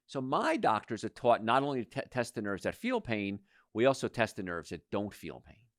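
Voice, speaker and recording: A man in his sixties hosts a radio health show, talking with emphatic energy and a lively pitch that leaps up and drops low. He rattles off long lists. The studio sound is close and dry. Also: no echo. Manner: animated, emphatic preacher-like delivery with lists.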